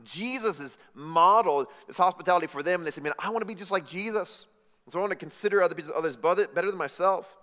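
A man's voice: high-pitched, quick pace. Preaching man in a reverberant hall. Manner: impassioned, swings from loud emphatic lines to hushed intimate ones. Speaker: pastor. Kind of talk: sermon.

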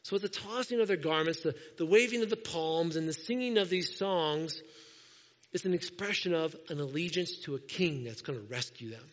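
A fairly high-voiced man preaches to his congregation, animated and acting out the voices of the people in his story. His words ring through a church sanctuary with a long hall echo. The recording sounds dull and lo-fi. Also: normal speed. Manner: animated, acts out quoted voices. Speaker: pastor. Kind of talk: sermon.

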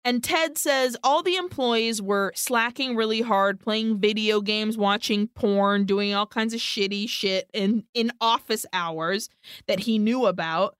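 A woman's voice: mid-range voice, unhurried, fairly bright tone, smooth, no room sound, clean studio sound. A woman co-hosting a podcast, casually and animatedly retelling a film plot, swearing freely. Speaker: podcast co-host. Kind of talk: casual chat recapping a film.

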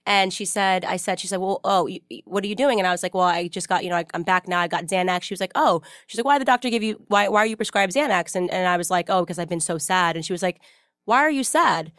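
Fast-talking woman podcast host. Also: fairly low pitch, no echo, clean studio sound. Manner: animated storyteller, many fillers. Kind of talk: casual interview chat.

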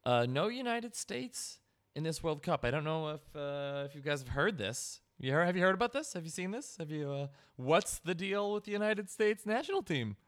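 A man voicing an excitable English football fan with a put-on English accent that drifts between regions, rambling and slangy. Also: fairly high pitch, moderate pace, no echo, clean studio sound, pitched above the performer's own voice. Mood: excited. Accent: put-on English, wandering between regions.

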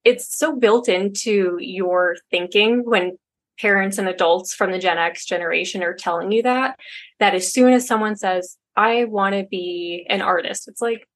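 A woman's voice: mid-range voice, unhurried. Conversational woman podcast guest. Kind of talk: casual chat.

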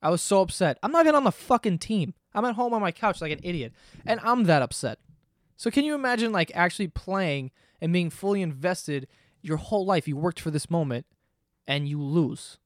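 A young man from the United States talks straight into a close podcast mic, heated and profane as he vents. His voice sits a little high for a man, and the recording is dry with no room sound. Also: fairly quick, no echo. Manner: animated, profane, exasperated ranting. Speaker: podcast host. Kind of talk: casual monologue rant.

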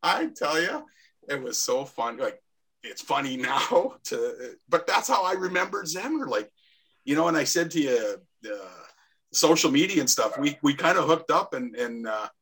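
A Canadian man in his sixties tells old hockey stories as a podcast guest. His voice is bright and a little husky, and he sits a touch high for a man. He rambles from one anecdote to the next and acts out the voices in them. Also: sing-song, normal speed. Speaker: guest, former hockey player. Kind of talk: casual storytelling.

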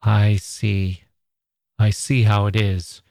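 A man reading aloud and voicing a jealous 18th-century gentleman who pleads and rages theatrically. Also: fairly low pitch, little pitch movement, slow pace, creaky, no echo, studio quality. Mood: furious. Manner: impassioned, theatrical outbursts.

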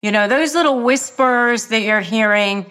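A woman coaching listeners in a motivational advice talk, with emphatic, repetitive, measured delivery. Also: fairly high pitch, sharp tone, clean tone. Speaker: lawyer and negotiation coach.

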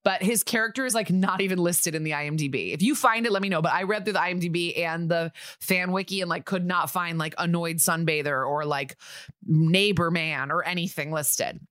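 Chatty irreverent woman, low voice. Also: brisk, a bit bright, no room sound, clean studio sound. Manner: chatty, irreverent, acts out lines from the episode. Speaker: podcast co-host recapping an episode. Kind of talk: casual chat.

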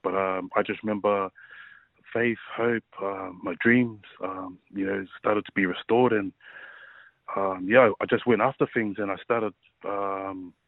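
A man in his thirties, a rugby league player, telling his personal story in a casual interview, halting and full of fillers. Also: on the low side, fairly even intonation, creaky, no echo. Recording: tinny phone-like line.

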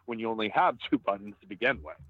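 A man's voice: on the low side, expressive, quick pace, fairly bright tone, no room sound. Blunt teasing man on a phone line. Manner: blunt, teasing, swears casually. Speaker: podcast co-host. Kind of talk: casual sports podcast chat. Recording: tinny phone-line sound.

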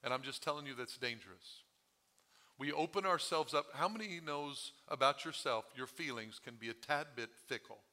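Hoarse pastor preaching a bright sermon. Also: male voice, mid-range voice, normal speed. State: strained voice from overuse. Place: church sanctuary.

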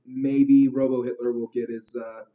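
A man's voice: medium pitch, level tone, moderate pace. A man in casual chat, reacting to a friend's story with wry quips. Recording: echoey, phone-like sound.

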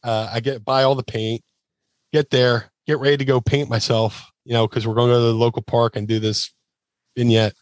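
As a guest, a man tells a casual anecdote in a mid-range voice at normal speed, with no echo. He rambles with fillers and restarts, an animated storyteller who acts out quotes in shifting voices.

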